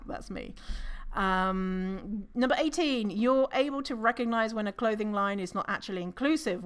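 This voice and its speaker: A woman hosting a casual solo podcast, chatty and animated, laughing often and swearing casually. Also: medium pitch. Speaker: podcast host.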